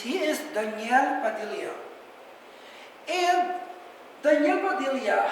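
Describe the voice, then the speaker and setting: A woman's voice: a little high, a little hiss or hum. A young woman, a student teacher giving a patient, encouraging classroom lesson and repeating key points. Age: young adult. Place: classroom, echoey. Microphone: far camera. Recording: echoey classroom from far off.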